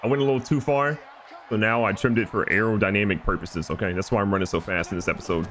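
A man giving excited, joking gameplay commentary as a gaming YouTuber. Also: lowish voice, fast talker. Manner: animated, joking, trash-talking.

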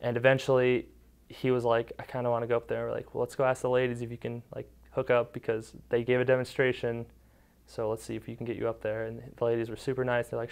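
Speaking in a young man's voice that is smooth and full, he tells camp stories at an easy, chatty pace, sprinkling in "like" and bouncing into the kids' voices as he quotes them. His tone is even and mid-pitched for a man. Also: brisk. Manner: relaxed storytelling, many "like" fillers, acts out kids' quotes. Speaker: interviewee, former camper and counselor. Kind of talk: casual recollection.

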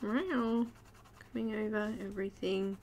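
A woman's voice: medium pitch, steady tone, measured pace, background noise. A middle-aged Australian woman hosting a live coloring stream, chatting casually, giggling often and cooing at her cat. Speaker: livestream host.

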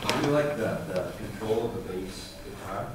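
A man's voice: fairly low pitch, animated, moderate pace. A man coaching a brass ensemble, encouraging and singing out rhythms. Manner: encouraging, sings rhythms aloud. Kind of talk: music clinic coaching. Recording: echoey hall, voice from far off, noisy.

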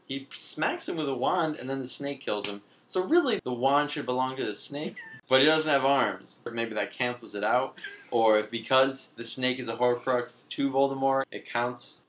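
A young man comically retelling a film in a casual, rambling, deadpan way, slipping into quick silly voices. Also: mid-range voice, slight background noise. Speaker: comedian recapping a film. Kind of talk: casual comedic rant.

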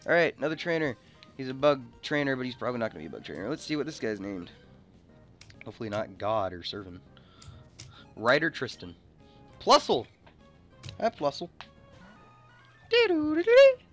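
A man's voice: medium pitch, very animated, a little fast, pauses often, fairly bright tone, faint music behind. Blunt, swearing gamer guy. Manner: blunt, swears freely, mutters to himself. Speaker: let's play co-host. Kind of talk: casual gaming commentary.

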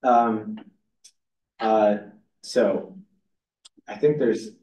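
A man's voice: on the low side, drawn-out words, dark tone. A man giving a university lecture, rambling and restarting his sentences with many fillers. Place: lecture hall. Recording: roomy hall audio from far off.

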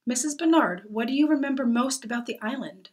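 A woman reading the part of a helpful young girl cousin who speaks in a bright, encouraging way. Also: sits high, brisk, voice pushed up, close to an everyday voice. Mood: eager.

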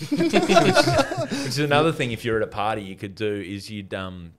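A man's voice: fairly low pitch, big pitch swings, a little slow. A middle-aged man with an Australian accent, telling rambling anecdotes as a podcast guest and laughing often. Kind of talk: casual storytelling chat.

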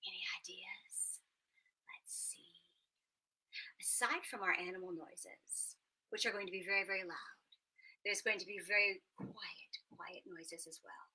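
Female children's host, playful and animated, slow and very bright, interactive storytime at home. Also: medium pitch, husky, rough recording. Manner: animated, playful, with sound effects. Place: small apartment at home.

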